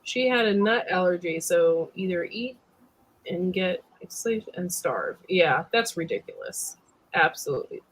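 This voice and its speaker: Brief: woman, thirties, relaxed casual host who reacts briefly and reads out viewer comments. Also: fairly low pitch, unhurried, rough recording. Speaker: host of a talk livestream. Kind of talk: casual chat.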